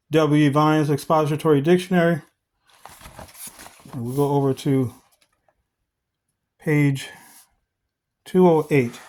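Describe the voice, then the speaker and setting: A man teaching a Bible study, reading scripture slowly and deliberately and putting rhetorical questions to his listeners, whom he calls family. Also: fairly high pitch, a little mellow.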